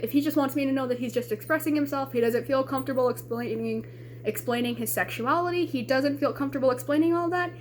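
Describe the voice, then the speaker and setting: A young woman with a high voice delivers a heated, emotional rant straight to camera. She is blunt and swears freely. A faint hum sits underneath her voice. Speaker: vlogger.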